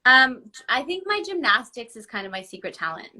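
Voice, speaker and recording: A woman's voice: on the high side, very animated, fairly quick, sharp tone. A woman in her thirties chatting casually on a phone live stream, laughing easily and filling her talk with "like". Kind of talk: casual chat.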